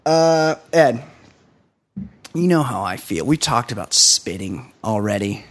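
A man co-hosting a comedy podcast, riffing in casual chat with deadpan jokes. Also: medium pitch, slow. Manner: joking, deadpan asides with laughs. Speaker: podcast co-host.

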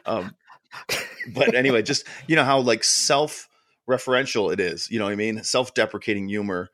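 Fairly low in pitch, a bit bright and steady in tone, this man speaks at a moderate pace while co-hosting a podcast. His casual chat rambles with many fillers and restarts, and the recording is dry with clean studio sound.

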